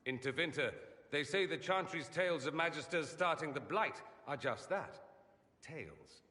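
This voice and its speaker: Brief: sardonic male mage, bright tense voice, lively swoops in pitch, long reverb on the game audio. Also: moderate pace. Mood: musing. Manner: wry, teasing, theatrical. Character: witty, sardonic male foreign mage, proud. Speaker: game character.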